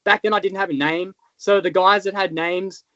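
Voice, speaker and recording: Man, Australian accent, high voice, rambling fillers, dull lo-fi recording. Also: steady tone, moderate pace, bright, forceful tone, dry recording. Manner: rambling, many fillers and restarts. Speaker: guest, freestyle motocross rider. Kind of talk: casual interview chat. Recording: dull, lo-fi sound.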